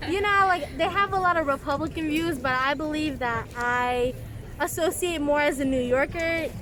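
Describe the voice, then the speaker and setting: A woman's voice: high-pitched, normal speed. A young woman from Long Island, chatting and laughing easily in a street interview outdoors. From Long Island, New York. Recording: outdoor street with crowd noise.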